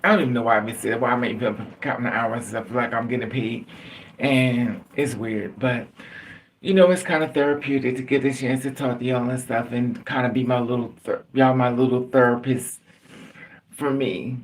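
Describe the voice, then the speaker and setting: A man's voice: medium pitch, normal speed. A man hosting a live stream, telling personal stories in a rambling, chuckling way and often restarting his phrases. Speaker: livestream host. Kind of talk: casual storytelling to a live audience. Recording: distant mic.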